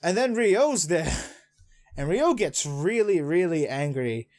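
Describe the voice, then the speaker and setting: A man casually recapping and reacting to a manga chapter, rambling excitedly with lots of fillers. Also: fairly high pitch, slow. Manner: excitable, rambling, many fillers, retells scenes with "he's like". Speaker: manga reviewer.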